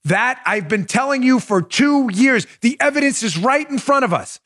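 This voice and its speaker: A man hosting a political talk show, delivering an emphatic, animated monologue full of rhetorical questions. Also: very high voice, normal speed, dry recording, clean studio sound.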